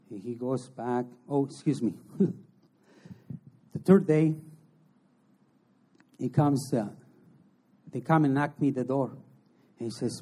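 A man giving an emotional personal testimony as an interview guest, in halting, earnest non-native English. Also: mid-range voice, fairly even intonation, warm tone. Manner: emotional storytelling.

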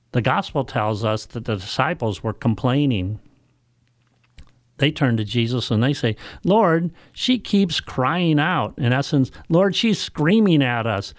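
A male pastor, preaching a sermon in measured, emphatic phrases full of rhetorical questions. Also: mid-range voice, no room sound, studio quality.

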